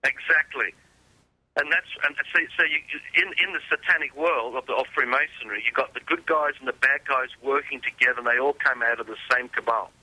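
A man's voice: medium pitch, a little fast, bright, forceful tone, no room sound, rough recording. A man talking insistently in a casual conversation, repeating and restarting words as he presses his points. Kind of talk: conspiracy talk.

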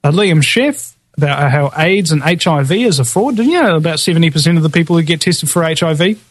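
A man's voice: fairly high pitch, lively intonation, quick pace, no room sound. Rambling man with a dry close sound. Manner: rambling, filler-heavy, chuckling asides. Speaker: podcast host. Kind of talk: casual recap of past guests.

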